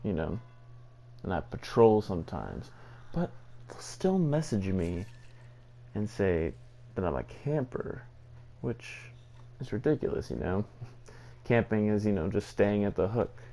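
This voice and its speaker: A man's voice: fairly low pitch, very animated, a little slow, creaky, long pauses, dark tone. A man, a gaming video creator, ranting casually and indignantly, rambling with lots of fillers and laughs. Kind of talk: casual rant to camera.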